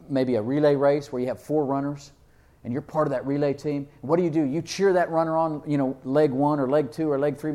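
Animated preacher man, fairly high voice. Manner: animated, rising to loud emphatic peaks; reads King James verses slowly and deliberately. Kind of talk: sermon with scripture reading.

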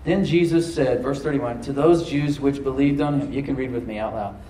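A man's voice: medium pitch, brisk, warm tone, slight background noise. A middle-aged male pastor preaching a sermon to his congregation, exhorting and repeating phrases for emphasis. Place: church hall with congregation. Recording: roomy church echo.

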